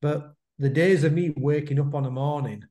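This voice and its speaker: A man's voice: fairly high pitch, fairly even intonation, normal speed, warm tone. A man, co-hosting a casual podcast chat and padding his points with "mate" and tag questions. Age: 50s. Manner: chatty, repeats himself, drops in "mate" and "isn't it?" tags. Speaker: podcast co-host. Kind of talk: casual chat about boxing. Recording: roomy echo.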